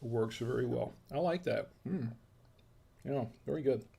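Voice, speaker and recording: A man's voice: medium pitch, normal speed, vocal fry, warm tone, breathy edge. An American man hosting a casual wine tasting, chatty and folksy, murmuring as he samples food and wine. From United States. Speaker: wine review host.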